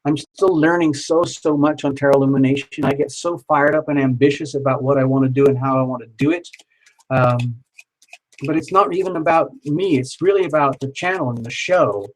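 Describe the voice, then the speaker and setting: A man's voice: mid-range voice, fairly even intonation, fairly quick, poor audio. A man hosting a live tarot reading stream, chatting casually and reassuringly with viewers.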